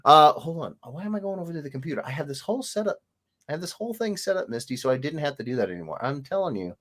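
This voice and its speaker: A man hosts a relaxed livestream, chatting casually with viewers. His voice leaps up and down all the time, and he greets each commenter in a playful sing-song. He sounds animated and chatty. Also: a little high, very fast. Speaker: livestream host, illustrator.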